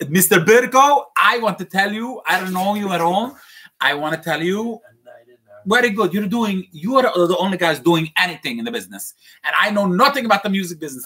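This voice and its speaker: A man's voice: high voice, bright, forceful tone, slightly rough, full character voice. A man playing a rambling, self-deprecating rebbe in an improvised comedy skit. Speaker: comic playing a folksy rebbe.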